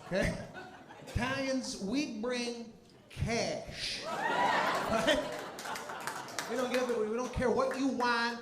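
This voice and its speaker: High-voiced comedian shouting punchlines onstage. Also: male voice, slow, long pauses. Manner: animated, shouting punchlines, crowd work. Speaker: stand-up comedian. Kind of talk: stand-up comedy set. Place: live comedy stage before an audience. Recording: echoey venue with loud crowd noise.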